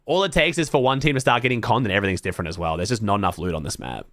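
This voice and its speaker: A man's voice: fairly low pitch, animated, rapid-fire, a bit bright, no echo. An Australian man streaming to his chat, thinking aloud in blunt, casual talk full of swearing. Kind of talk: casual livestream chat to viewers.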